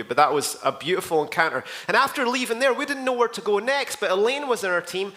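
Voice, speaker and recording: A man's voice: sits high, animated, quick pace, few pauses, pushed and bright. A man with a Scottish accent, a pastor giving a rambling, jokey report on a church outreach, full of asides to the listeners.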